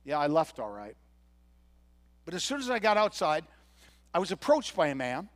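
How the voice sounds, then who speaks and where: A man's voice: fairly high pitch, sing-song, moderate pace. A pastor playing a once-blind man who was healed, telling his own story in an earnest first-person sermon monologue. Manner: earnest storytelling with quoted dialogue.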